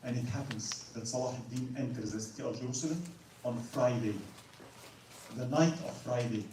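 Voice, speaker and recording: A man giving an animated religious history lecture, acting out quotes and asking "right?". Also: mid-range voice, moderate pace. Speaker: Islamic lecturer. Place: large mosque hall. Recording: echoey hall, distant mic, faint noise.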